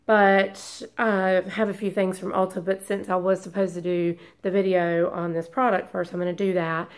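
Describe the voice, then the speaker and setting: A woman's voice: lowish voice, level tone, normal speed. A woman beauty vlogger chatting casually to camera, congested from a long illness, rambling and hesitant with many restarts.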